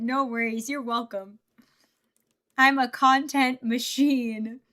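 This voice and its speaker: A high-voiced woman streams in a relaxed, unhurried way, chatting casually and giggling as she thinks aloud while putting Lego pieces together. Her tone is bright and clear, and she takes her time between remarks. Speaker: livestreamer. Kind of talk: casual livestream chat while building Lego.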